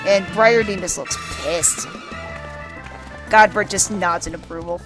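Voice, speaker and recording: A woman casually narrating a video game for blind viewers, laughing often, swearing, and excitedly describing what happens on screen. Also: fairly low pitch, measured pace, music in the background.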